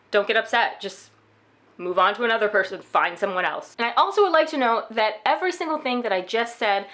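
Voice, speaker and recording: A woman's voice: mid-range voice, a bit bright. A young American woman giving candid, casual advice in a chatty vlog monologue, full of fillers. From United States. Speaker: vlogger.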